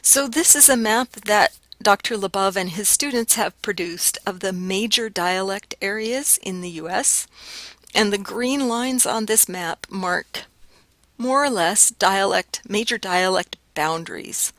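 A woman giving a measured, clear linguistics lecture, explaining her points step by step. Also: mid-range voice, fairly bright tone, no echo. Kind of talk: recorded lecture.

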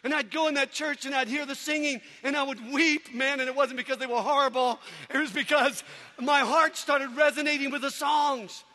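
A man giving an energetic sermon testimony to a crowd, animated and often shouting. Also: very high-pitched, normal speed. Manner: animated, shouting, mimicking people. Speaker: preacher. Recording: long hall reverb.

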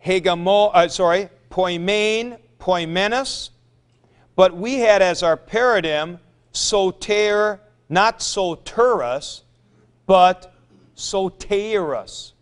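A man with a fairly high, smooth and clear voice gives a classroom lecture. He speaks slowly and patiently, working through each point step by step and repeating forms aloud as he goes. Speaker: Greek teacher. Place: classroom with a board.

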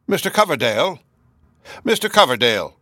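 A man's voice: mid-range voice, animated, normal speed, a bit bright, dry recording, lightly acted. A man voicing a shy elderly man who speaks hesitantly and apologetically, in a storybook reading. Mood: timid, hesitant.

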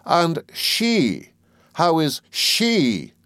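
Guy doing a cross older aunt, high and snappy, real impatient. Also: sing-song, extremely slow, dry recording, full character voice. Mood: sharp impatient. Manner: sharp, snapping.

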